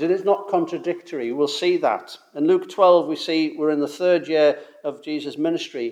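Man, preacher, sermon, emphatic, fairly high-pitched, slows on key phrases. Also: darkish tone. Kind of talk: expository sermon.

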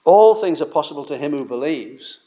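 A man's voice: fairly high pitch, expressive, fairly quick, dark tone. A man preaching an expository sermon. He talks emphatically, repeats his points and asks rhetorical questions.

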